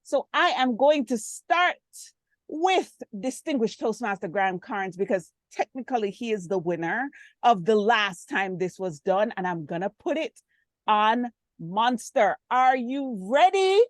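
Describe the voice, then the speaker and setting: A woman's voice: fairly high pitch, expressive, measured pace, dry recording. A woman hosting an online speaking game on a video call, upbeat and teasing. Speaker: meeting host running a speaking game. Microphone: computer mic on a video call.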